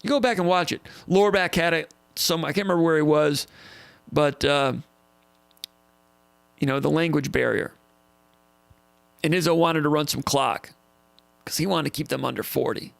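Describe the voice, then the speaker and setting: A man hosting a live show and answering viewer questions, telling stories in a casual, animated way and repeating phrases for emphasis. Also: a little high, moderate pace, vocal fry, long pauses, no echo. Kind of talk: casual live-stream storytelling.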